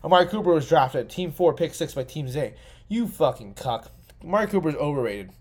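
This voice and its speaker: A young man rambles through a casual solo podcast, a little drunk and swearing freely. His voice sits slightly higher than most men's, and he jumps between muttering and excited outbursts. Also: brisk. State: tipsy. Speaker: podcast host.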